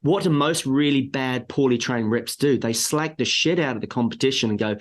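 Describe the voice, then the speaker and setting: A man's voice: medium pitch, normal speed. A man, a sales trainer on a podcast, coaching emphatically and acting out buyer lines. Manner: emphatic, animated coaching with acted-out buyer quotes. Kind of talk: podcast interview.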